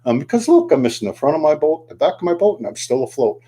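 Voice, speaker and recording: A man voicing a boastful, superstitious male sea captain who talks with excitement. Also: on the high side, fast talker, breathy edge, voice pushed up. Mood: proud. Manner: excited, exclaiming.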